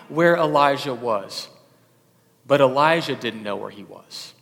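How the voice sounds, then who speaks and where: A man preaching a sermon in a conversational way, swinging from loud emphatic bursts to soft low asides. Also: animated, measured pace, vocal fry, in a large hall. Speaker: pastor.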